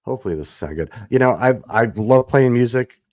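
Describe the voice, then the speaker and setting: A man's voice: medium pitch, expressive, brisk, darkish tone, no echo, studio quality. A man co-hosting a casual music podcast, rambling and self-deprecating, talking into a desk mic at home. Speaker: podcast co-host; bass player. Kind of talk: casual chat. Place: echoey home room. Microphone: desk USB microphone.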